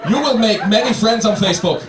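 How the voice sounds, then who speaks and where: A young man with a German accent performing a stand-up comedy set, wry and animated, with fillers and restarts. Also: high-pitched, fairly quick. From Bavaria, Germany. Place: comedy club stage. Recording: echoey club from a distance with crowd laughter. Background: audience laughter and noise.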